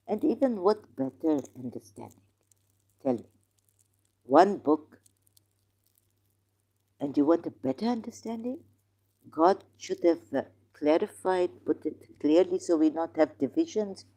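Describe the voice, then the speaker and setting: Slow, mellow-voiced rambling commentator. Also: mid-range voice. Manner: rambling, argumentative, questions the listener; non-native English with broken grammar. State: in neck pain, groaning. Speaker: host. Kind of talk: casual religious commentary monologue.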